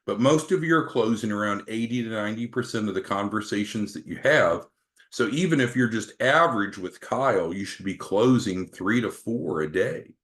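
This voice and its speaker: A man's voice: fairly low pitch, expressive, moderate pace, fairly bright tone. A man leading a sales training meeting, upbeat, coaching and calling on team members by name.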